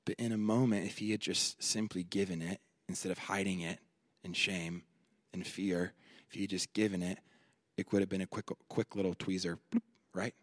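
A man preaching a sermon at a conference, with slow, deliberate phrasing, repeated lines and loud, emphatic peaks. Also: low-pitched, steady tone, dry recording, studio quality.

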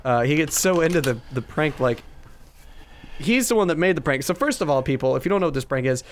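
Young man riffing casually, slightly high voice. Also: fast, slight background noise. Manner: rambling, frequent fillers and restarts, animated storytelling. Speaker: podcast co-host. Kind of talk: casual chat.

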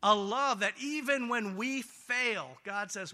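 Male pastor, high and very bright voice, lively sermon delivery that swings loud and soft. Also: takes it slowly. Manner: animated, swings from loud excitement to quiet earnestness. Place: church sanctuary.

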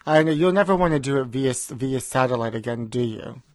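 Recording remotely from home, a man co-hosts a comedy podcast, chatting in a campy, gossipy way and calling his co-host honey. His mid-range voice moves a little fast, with no echo in this casual comedic chat.

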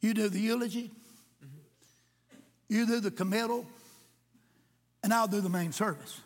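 A man preaching a sermon. He is impassioned, jokes at times and rises to shouts in a church. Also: high voice, unhurried. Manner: impassioned, shouting at peaks, joking asides. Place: church sanctuary with congregation. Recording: echoey church hall.

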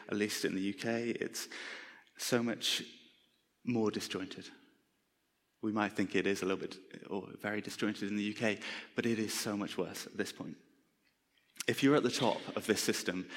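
Preacher in an echoing hall. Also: male voice, fairly low pitch. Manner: conversational, self-deprecating humour. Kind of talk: sermon. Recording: long reverb of a large hall.

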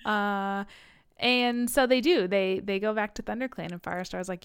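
A woman co-hosting a casual chat, recapping a book series with jokes, swearing and quick acted-out character lines. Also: mid-range voice, fairly even intonation, clean tone.

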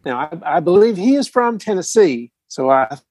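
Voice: mid-range voice, big pitch swings, moderate pace, darkish tone, dry recording. A podcast co-host reading a listener email aloud, hesitant with many fillers. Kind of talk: casual podcast chat.

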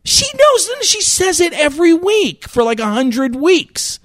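A podcast host with a high voice that swings all over the place. He laughs a lot, exaggerates, and swears as he chats. The sound is dry and close to the mic. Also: a little slow, no room sound. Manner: animated, laughing, exaggerated and profane. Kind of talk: casual podcast chat.

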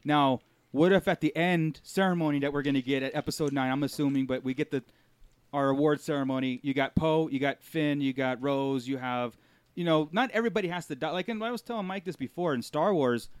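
A man's voice: a little high, fairly quick, clear, resonant tone, no room sound. A man co-hosting a casual podcast chat, joking and laughing a lot. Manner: laughs often, joking, talks over others. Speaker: podcast co-host.

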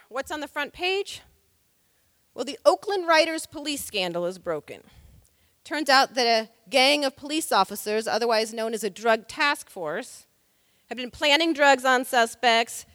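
A woman's voice: sits high, bright, forceful tone, no room sound, studio quality, long reverb tail. A woman civil rights lawyer telling a story on stage, vivid and dramatic. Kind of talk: storytelling talk.

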